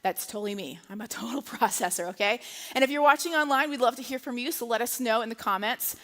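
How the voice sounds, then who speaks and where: High-voiced woman preaching in an echoey hall. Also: fast, sharp tone. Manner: chatty and humorous, tags lines with "okay?" and "right?". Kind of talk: conversational sermon. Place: church sanctuary, live service.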